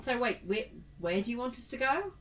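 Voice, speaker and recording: A woman's voice: on the high side, big pitch swings, brisk. A woman in a casual tabletop game, asking curious questions. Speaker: player. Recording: voice distant from the mic.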